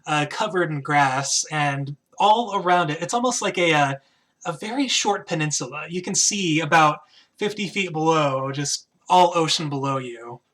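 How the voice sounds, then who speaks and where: A man's voice: a little high, normal speed, fairly bright tone. A man narrating as game master in a tabletop game, talking casually with frequent hesitations. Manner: casual, hesitant, lots of "kinda".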